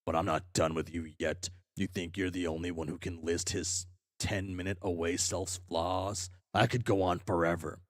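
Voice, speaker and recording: A man reading aloud as a furious, foul-mouthed young male troll, ranting and swearing at himself in shouted tirades. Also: sits low, little pitch movement, moderate pace, no room sound, clean studio sound, close to an everyday voice. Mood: snarling.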